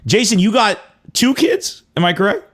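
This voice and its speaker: A man's voice: high-pitched, very animated, moderate pace, a bit bright. A man hosting a podcast, asking questions in a joking, upbeat way. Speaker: podcast host. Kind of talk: casual podcast interview.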